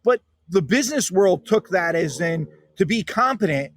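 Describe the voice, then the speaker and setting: A man's voice: high-pitched, animated, moderate pace. A man, a guest author in a podcast interview, talking in an emphatic, punchy storytelling way.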